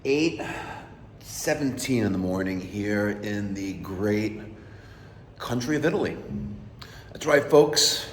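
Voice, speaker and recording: A man's voice: lowish voice, lively intonation, slow, pauses often, a little hiss or hum. A middle-aged man vlogging casually while walking around a resort, chatting to viewers and sometimes dropping to a whisper. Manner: chatty, addresses viewers as folks, drops to a whisper at times. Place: outdoors at a resort with pools.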